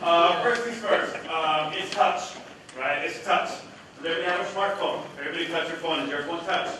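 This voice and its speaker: A man's voice: a little high, moderate pace, background noise. A man giving a live product demonstration to a committee in a large meeting room, projecting his voice without a microphone and often checking that the audience is following. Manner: projecting loudly without a mic, quizzing the audience. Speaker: education technology presenter. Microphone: no mic, room recording from afar. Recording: very echoey room audio from far off.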